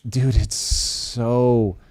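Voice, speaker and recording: A man's voice: medium pitch, little pitch movement, drawn-out words, a little mellow, no echo, clean studio sound. A man hosting a live talk show, chatting casually and animatedly, swearing freely and stretching out words for emphasis. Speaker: show host.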